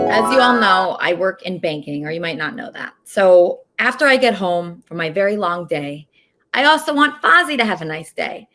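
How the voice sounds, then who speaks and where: A woman's voice: on the high side, bright, forceful tone. A woman hosting her own online show, delivering an indignant venting monologue to viewers and often tacking on "okay?". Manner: indignant, frequently adds "okay?". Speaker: show host.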